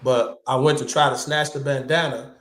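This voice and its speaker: In a relaxed storytelling chat, a male guest who is a martial artist spins lively, slangy tales and mimics whoever he's quoting. He talks at a moderate pace in a middle-pitched voice, and the recording has a roomy echo.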